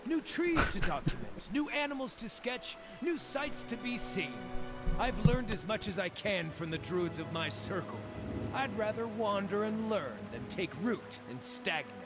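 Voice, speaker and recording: A man's voice: sits high, very animated, measured pace. An actor playing a small, eccentric male Orlan druid in a game, speaking with jovial, relishing good cheer about odd things. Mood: friendly. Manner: jovial, relishing, playfully macabre. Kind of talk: game character dialogue. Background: game music.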